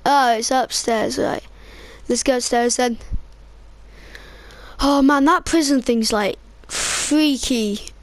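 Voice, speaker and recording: High-voiced woman in casual game role-play. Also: takes it slowly, long pauses, no echo. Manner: hesitant, many fillers.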